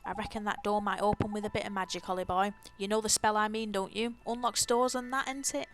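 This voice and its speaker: A woman's voice: medium pitch, fairly even intonation, quick pace, fairly bright tone, lightly acted. A woman voicing a cheeky, slangy little male fairy sidekick in a video game, with a brash, blunt manner. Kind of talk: reading game dialogue in voices.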